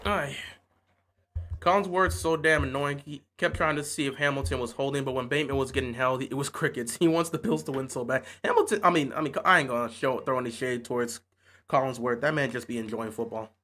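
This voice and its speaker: A man's voice: mid-range voice, brisk, sharp tone. A man reacting live to a football game, trash-talking rivals with rhetorical questions and slipping into mock play-by-play calls. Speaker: sports fan watching a game live.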